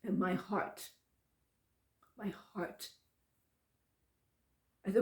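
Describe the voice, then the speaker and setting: A woman pastor telling a personal story, emotional and animated, often repeating phrases. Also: medium pitch, extremely slow, long pauses, reverberant.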